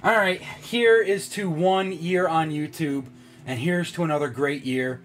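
A man's voice: fairly high pitch, a little slow, soft background music. A man talking casually to his camera as a vlogger, loose and profane, poking fun at himself. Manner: casual, profane, self-mocking. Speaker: YouTuber.

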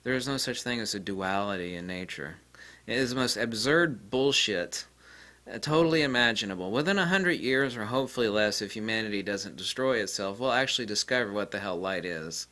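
A man's voice: fairly low pitch, expressive, brisk, pushed and bright. A man giving a rambling solo lecture, combative and profane, scornful of his critics. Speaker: channel host.

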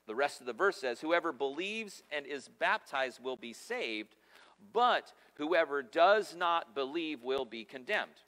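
This pastor's voice sits on the high side, sharp in tone and expressive, delivered a little slowly. His sermon is emphatic yet conversational, with humorous asides, and the long church-hall reverb fills the sanctuary recording.

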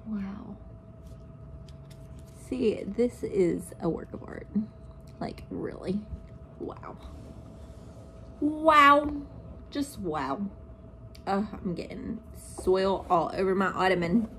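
A woman's voice: medium pitch, drawn-out words, long pauses, a bit bright. A woman talking casually to her viewers in an unboxing vlog at home, gushing and exclamatory as she goes. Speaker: plant vlogger. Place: living room at home. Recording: noisy, crinkling packaging behind.

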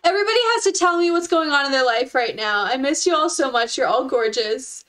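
A woman's voice: high voice, normal speed, fairly bright tone. A young woman streaming a game, chatting with her viewers in an effusive, gushing and giggly way. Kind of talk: casual live-stream chat with viewers.

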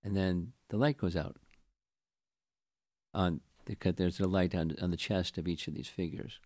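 Low-voiced man giving a halting scripture talk. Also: fairly even intonation, a little mellow, no room sound, studio quality. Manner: halting, with frequent restarts and repeated words. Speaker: spiritual teacher. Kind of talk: scripture lecture.

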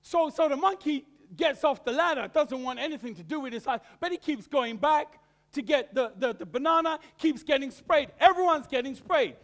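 A man's voice: very high voice, expressive, normal speed, fairly bright tone. A man preaching a sermon, telling a story animatedly with stammered repeats of words.

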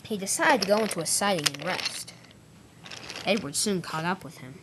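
A woman's voice: fairly low pitch, animated, moderate pace, heavy background noise. A woman narrating a homemade toy train story plainly, often restarting her lines. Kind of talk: unscripted storytelling.

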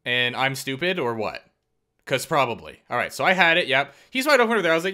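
Bright-voiced young man yelling at hockey game. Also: medium pitch, normal speed. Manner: excitable, yells at plays, self-deprecating. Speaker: gaming YouTuber. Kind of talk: live gameplay commentary.

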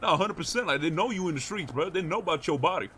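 A man's voice: on the high side, expressive, racing, fairly bright tone, slight background noise. A young man streaming a role-play game, teasing and hyped, full of street slang. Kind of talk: casual role-play banter.

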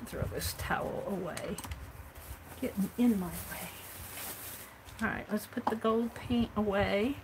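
A woman's voice: medium pitch, slow, pauses often, noisy background. Woman chatting through a craft project. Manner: chatty, thinking aloud while working. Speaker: craft livestream host. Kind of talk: casual craft demonstration.

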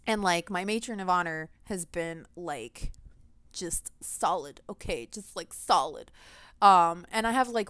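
A woman's voice: fairly low pitch, a bit bright, clear, resonant tone, no room sound. A young woman venting animatedly in a casual vlog rant, laughing often. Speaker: gaming vlogger.

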